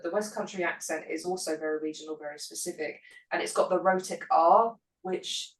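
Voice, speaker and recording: A woman's voice: on the low side, a little fast. A British woman, a podcast guest, chatting enthusiastically in a casual conversation. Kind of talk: casual chat. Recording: echoey room.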